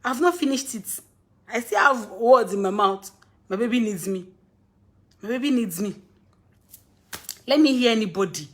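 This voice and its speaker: A young woman with a Nigerian accent talks casually to her live-stream viewers. Her voice sits high, and she rambles from point to point. She laughs often and breaks off to scold her audience. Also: lively intonation, normal speed, long pauses.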